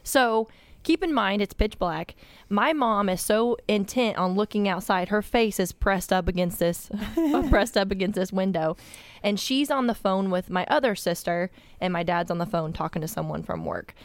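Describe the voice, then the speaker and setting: A young woman, telling animated stories in casual chat and laughing as she goes. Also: mid-range voice, moderate pace, no echo.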